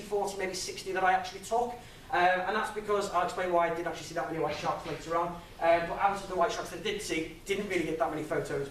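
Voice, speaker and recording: Young male speaker, light and high, jokey and chatty; distant mic with faint room noise. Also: pushed and bright, very echoey. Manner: chatty, jokey, laughs at own stories. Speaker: guest speaker. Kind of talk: informal public talk. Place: lecture room with audience.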